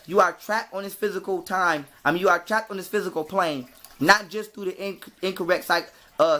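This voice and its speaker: A man with speech preaches a spiritual monologue to his viewers. His voice is bright and forceful, and he drives his points home with swearing and repeated stock phrases. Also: high voice. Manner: emphatic, profane, repetitive "so with that being said". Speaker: spiritual video host.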